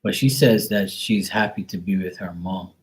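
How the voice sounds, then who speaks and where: A man's voice: deep voice, fairly even intonation, normal speed. A young man giving a live psychic reading, talking in a rambling, hesitant way full of fillers and casual swearing. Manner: rambling, hesitant, filler-heavy with mild profanity. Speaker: psychic tarot reader.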